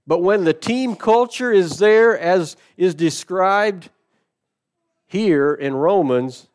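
A middle-aged man preaching a sermon, telling a story with sudden shifts between loud and soft and slow, stressed phrases. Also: on the high side, clean tone. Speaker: pastor.

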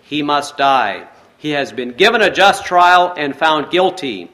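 A man voicing an army general who speaks in a measured, firm way, grave but kind. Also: on the high side, animated, fairly bright tone. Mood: grave, kindly.

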